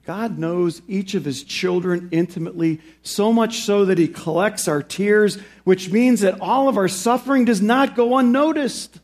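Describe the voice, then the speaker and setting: Reading scripture and then explaining it, a pastor with a strikingly high voice delivers his sermon. He slows down and lifts his voice to stress the main points, then sinks low and soft for quieter reflections.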